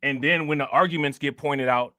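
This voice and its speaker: A man hosting a casual livestream in loose, slangy talk, tossing in "you know what I'm saying" again and again. His voice is bright and pitched a little high, and the sound is dry and close to the mic. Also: steady tone, fairly quick, dry recording. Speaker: livestream host.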